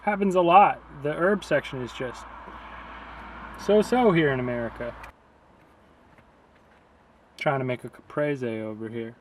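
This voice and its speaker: A man's voice: mid-range voice, unhurried, long pauses, slight background noise. A man vlogging outdoors beside a river, talking casually in a sarcastic, rambling way. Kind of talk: casual vlog rant.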